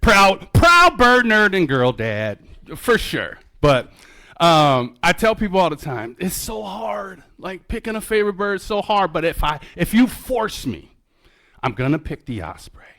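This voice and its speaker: A man with a strikingly high, bouncing voice tells a story to a live audience, swinging from hushed asides to excited outbursts. He calls the crowd folks and acts out his own past reactions. The sound is close and dry. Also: a little slow, no room sound. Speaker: keynote speaker and birder. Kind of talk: animated storytelling talk. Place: museum event hall.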